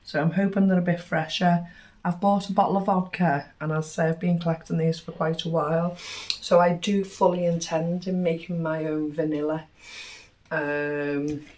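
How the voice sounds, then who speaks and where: A woman's voice: low-pitched, little pitch movement, normal speed, darkish tone. A middle-aged woman chatting casually through a grocery haul, cheerfully tallying prices and savings. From United Kingdom. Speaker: vlogger. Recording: roomy echo, distant mic, faint noise.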